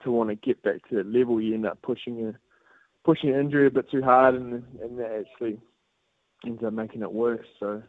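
A man's voice: medium pitch, fairly quick, no echo. A man with a New Zealand accent, calling in as a guest to a radio show, chatting in an easygoing way with lots of fillers. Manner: relaxed, laughing, easygoing with filler words. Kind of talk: casual radio interview. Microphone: phone call. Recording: tinny phone line.

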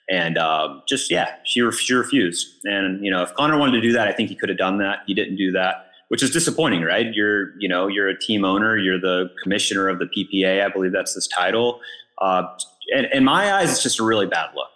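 Bright, forceful man telling a story. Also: sits low, a little fast. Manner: animated storytelling, repeats words as he goes. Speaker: pickleball pro and podcast co-host. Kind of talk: casual podcast chat.

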